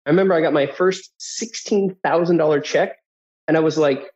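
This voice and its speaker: A man in his thirties tells personal stories with energy, and he slips into other people's voices now and then as he recounts them. His voice sits a little high for a man. The recording sounds dull and lo-fi. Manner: animated, quick to mimic voices in anecdotes. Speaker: guest. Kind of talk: personal storytelling. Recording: dull lo-fi audio.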